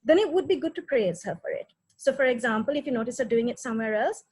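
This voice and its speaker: A woman's voice: fairly high pitch, lively intonation, fast, darkish tone, husky, rough recording. A woman giving a practical parenting webinar talk, offering example phrases and often checking in with "right?".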